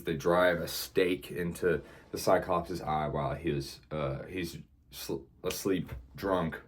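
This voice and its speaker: A young man in his student years, talking casually to camera, rambling with lots of fillers. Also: sits low. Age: young adult. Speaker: vlogger.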